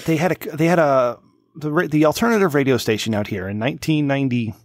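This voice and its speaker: A man's voice: medium pitch, fast, dry recording, clean studio sound. A man in his late thirties hosting a podcast, telling a rambling, profane story in casual chat. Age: 30s. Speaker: podcast host.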